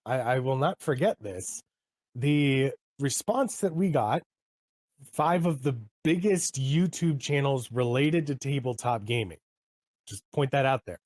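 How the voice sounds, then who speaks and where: Measured man in a dry, close sound. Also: mid-range voice, darkish tone, no echo. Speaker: YouTuber telling a story. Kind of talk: recounting an anecdote to camera.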